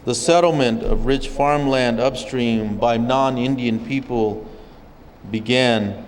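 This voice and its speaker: A man from an O'odham community in Arizona recounting his people's history as a speaker at a public forum, in a measured storytelling way. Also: mid-range voice, long reverb tail, a little hiss or hum, low-quality recording. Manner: measured storytelling, occasional restarts. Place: legislative chamber at a state capitol.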